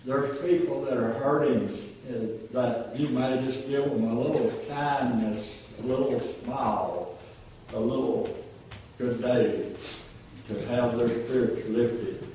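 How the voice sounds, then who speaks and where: An older man preaches an informal sermon, telling plainspoken everyday stories in a homely way. His voice sits at an ordinary pitch and comes from a distance across a very echoey church, with faint room hum behind. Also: fairly even intonation, slow, mellow. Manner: folksy, storytelling, plainspoken. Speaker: lay preacher. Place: church sanctuary.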